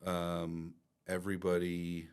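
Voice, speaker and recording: A man's voice: sits low, completely flat delivery, takes it slowly, clean tone. A man co-hosting a business podcast, talking candidly and casually with some swearing and repeated starts. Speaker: podcast co-host and company team member.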